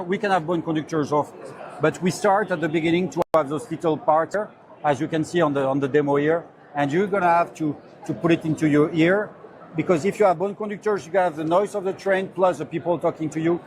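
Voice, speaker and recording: A man representing a company, earnestly explaining his product in a slightly halting way on a trade show floor. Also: fairly high pitch, background noise. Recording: loud crowd chatter behind.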